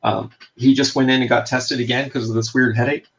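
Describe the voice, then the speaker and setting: A man's voice: mid-range voice, flat delivery, a little fast, fairly bright tone, highs cut off. A man co-hosting a casual stream, telling rambling anecdotes full of fillers and restarts. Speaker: podcast co-host. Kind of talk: casual chat, storytelling.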